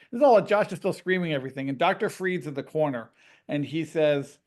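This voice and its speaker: A man, a parent, telling stories with lively energy in a conversation over a video call. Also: a little high. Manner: animated storyteller, quick and lively. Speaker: parent and guest.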